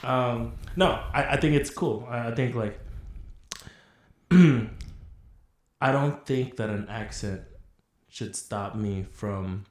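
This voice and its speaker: A man's voice: medium pitch, slow, pauses often. Teasing young man in echoey room. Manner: relaxed, teasing banter. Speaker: podcast co-host. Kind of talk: casual chat.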